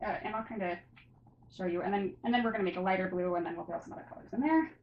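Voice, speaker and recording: A woman's voice: medium pitch, very fast. Woman art tutor, rambly and self-deprecating, recorded by a camera mic in an echoey room. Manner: rambling and self-mocking, with many fillers. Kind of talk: casual painting tutorial. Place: room at home. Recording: roomy, dull recording with background noise.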